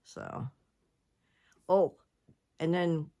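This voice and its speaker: This older vlogger talks extremely slowly in a low, dark voice with a steady tone. Her casual chat with viewers is rambling and chatty, skipping between topics.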